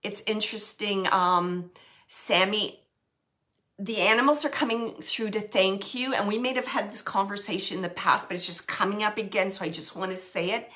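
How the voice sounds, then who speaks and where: Bright-voiced woman medium giving a reading. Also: mid-range voice, moderate pace. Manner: animated, relays spirit messages in quoted speech; searching, self-correcting phrasing. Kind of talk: live psychic reading for an audience member.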